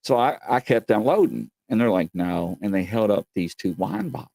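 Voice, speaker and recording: A man from Kentucky runs a paranormal talk show, spinning casual, wandering stories in a folksy manner and talking directly to the audience. His lowish, dark voice has vocal fry and a sing-song lilt, at normal speed with no room sound.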